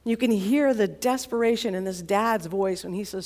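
A woman college chaplain preaching a sermon in a relaxed, conversational storytelling manner. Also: medium pitch, moderate pace. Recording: long hall reverb.

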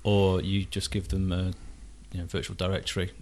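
A man with a lowish, gravelly voice chats casually on a podcast. He is laid-back and a little hesitant, with fillers and an easy laugh. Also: monotone, normal speed, darkish tone. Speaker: podcast co-host. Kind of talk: casual chat.

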